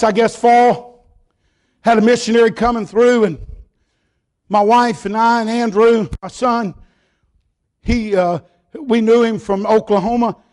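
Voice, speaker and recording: A man preaching a sermon, telling stories and rising to shouts. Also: very high-pitched. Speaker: pastor.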